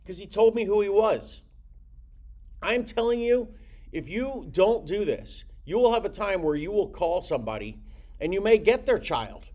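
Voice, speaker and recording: Middle-aged man, real estate sales coach, animated and swooping intonation, slightly higher voice, acts out calls. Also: normal speed. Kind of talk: teaching sales technique.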